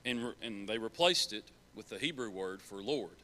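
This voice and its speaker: Bright-voiced man preaching earnestly. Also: on the low side, lively intonation, normal speed. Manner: earnest, repeats key phrases for emphasis. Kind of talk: sermon. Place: church.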